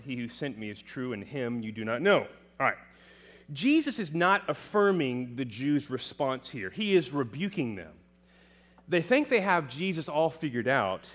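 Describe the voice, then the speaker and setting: A man preaching a sermon, asking the congregation questions and swinging from quiet low lines to loud emphatic proclamations. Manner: dramatic, rising to loud emphatic proclamations then dropping low; asks the congregation questions and answers them.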